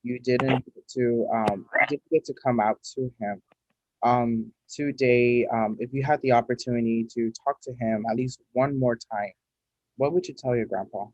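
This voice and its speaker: A man interviewing a guest over a video call, gentle and hesitant with many pauses. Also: medium pitch, steady tone, no echo. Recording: dull dry video-call audio.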